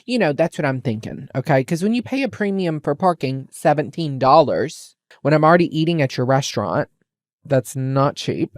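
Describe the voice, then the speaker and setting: Woman, low pitch, dry close sound, casual vlog storytelling, animated, exasperated. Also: normal speed, dry recording. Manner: animated, exasperated, repeats punchlines for effect. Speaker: vlogger.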